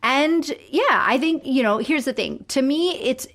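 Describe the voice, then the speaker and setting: A woman's voice: high-pitched, a little slow. A woman co-hosting a podcast, casually recapping sitcom episodes in a chatty, storytelling way. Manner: chatty storyteller, fillers and animated retelling. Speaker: podcast co-host.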